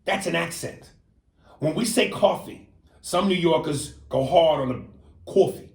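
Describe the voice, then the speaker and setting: A man co-hosting a podcast in casual chat, animated and profane, often mimicking accents and slang. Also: on the high side, moderate pace, reverberant. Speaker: podcast co-host.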